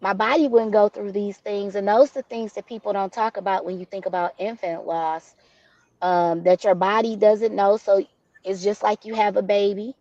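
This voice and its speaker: A woman guest in an interview shares a personal story candidly and from the heart. Her voice sits at an ordinary middle pitch. The recording is dull and lo-fi, with a dry, close sound. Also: steady tone, normal speed, mellow, no room sound. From Detroit, USA. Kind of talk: interview conversation.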